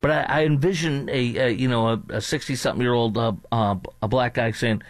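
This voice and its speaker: A man's voice: medium pitch, steady tone, fairly quick, few pauses, no room sound. A man hosting a talk radio show, delivering a combative, emphatic political monologue. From North Texas.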